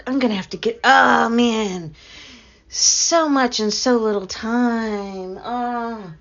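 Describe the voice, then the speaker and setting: A middle-aged woman hosting a casual live stream, chatty and quick to laugh as she talks to her chat. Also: a little high. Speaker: livestream host. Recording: dull lo-fi stream audio.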